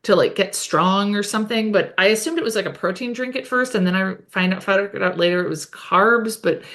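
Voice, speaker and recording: A woman's voice: medium pitch, a little fast, a bit bright. A woman co-hosting a podcast, recapping an episode in casual chat with lots of "like" and "um". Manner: chatty, many "like" and "um" fillers.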